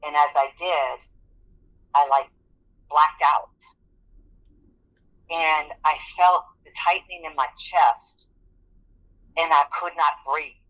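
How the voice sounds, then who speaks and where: A woman's voice: deep voice, steady tone, slow, pauses often, highs cut off. A woman giving a personal testimony as an interview guest, telling her story earnestly and vividly. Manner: earnest, vivid storytelling that acts out quoted speech.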